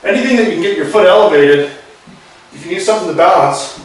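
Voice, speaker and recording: A fitness instructor over forty, whose voice sits high and moves fast, demonstrates home exercises while chatting and breathing a little hard. His talk is loose, with restarts. The audio comes from a distant camera in a very echoey room.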